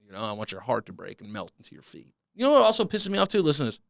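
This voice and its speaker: Guy ranting on his podcast, swears a lot, pitch jumps all over, bright edgy voice, dry close mic. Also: huge pitch swings, rapid-fire, creaky, dry recording. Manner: profane, ranting, mock-outraged comedic. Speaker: podcast host. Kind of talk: comedic solo podcast monologue.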